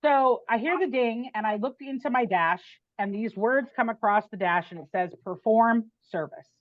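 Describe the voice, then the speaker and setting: A woman guest on a podcast telling a personal story in an animated, chatty way, with frequent "like" and "right?". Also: on the high side, normal speed, dry recording, narrow, tinny audio.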